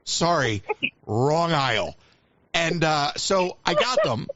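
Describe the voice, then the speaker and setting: A man's voice: on the high side, lively intonation, slow pace, fairly bright tone, no echo, lo-fi sound. A man hosting a live call-in show, chatting in a rambling, self-deprecating way with joking asides. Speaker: radio show host.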